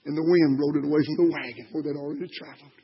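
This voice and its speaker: An older man preaching a sermon. He is impassioned and moves from hushed words to shouting. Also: fairly high pitch, steady tone, very fast, slightly rough. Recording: dull lo-fi recording.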